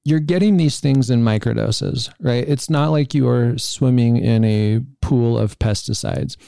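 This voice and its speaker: A man co-hosting a health podcast, chatting calmly and adding dry remarks and reminders. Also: mid-range voice, unhurried, creaky, clean tone, no echo. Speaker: podcast co-host. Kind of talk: casual podcast chat.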